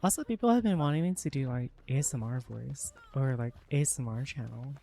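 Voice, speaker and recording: A relaxed streamer talking through a live game in a soft, hushed voice that leans toward ASMR. The tone is mellow and dark, with a rambling, easygoing flow and frequent small laughs. Mid-pitched and unhurried. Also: gravelly. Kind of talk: casual live gameplay chat.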